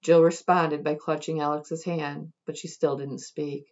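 A woman reading a passage from a novel in a measured, quiet way. Her voice is very low, and the recording sounds dull and muffled. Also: little pitch movement. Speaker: reader at a literature event.

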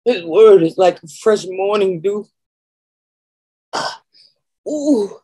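A woman preacher giving an emotional spiritual testimony, moaning and sighing between phrases and pausing to collect herself. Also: medium pitch, fairly even intonation, warm tone, low-quality recording.

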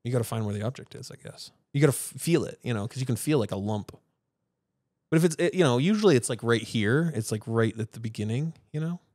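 A man's voice: mid-range voice, animated, quick pace, a little mellow, no room sound, clean studio sound. Rambling man co-hosting a podcast. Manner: rambling storyteller who acts out quotes in other voices. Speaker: podcast co-host and father. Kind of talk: casual chat.

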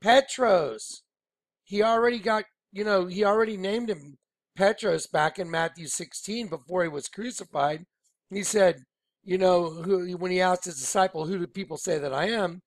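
Excited high-voiced man teaching scripture. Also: normal speed, dry recording, clean studio sound. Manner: excited, rambling, keeps saying "watch this". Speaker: Bible teacher. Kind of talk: informal screen-share Bible study.

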